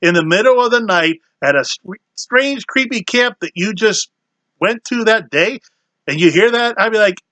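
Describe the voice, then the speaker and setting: Teasing furry creature co-host voiced by a performer; lively bright delivery, dry close sound. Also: medium pitch, normal speed, dry recording, close to an everyday voice. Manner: teasing, deadpan quips. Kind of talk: casual chat.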